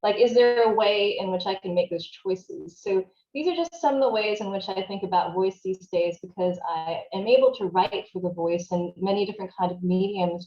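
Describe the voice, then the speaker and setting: A woman's voice: medium pitch, warm tone. A woman, a writer and performer, speaking thoughtfully as an interview guest, searching for words with many casual fillers. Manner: thoughtful, searching, frequent "you know" and "like" fillers. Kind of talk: reflective conversational interview. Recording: roomy, dull lo-fi sound.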